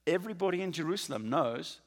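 A man preaching a sermon, with a dramatic delivery that swings from quiet to loud. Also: a little high, expressive, fast, long reverb tail. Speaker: pastor.

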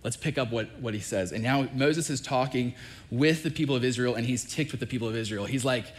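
A male pastor preaching a sermon, telling a scripture story with animated, acted-out quoted dialogue. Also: medium pitch, a little fast.

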